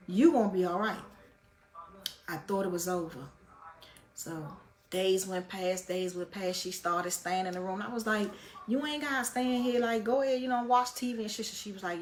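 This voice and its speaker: List: woman, vlogger, casual storytelling, blunt, profane, mid-pitched voice. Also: slight background noise.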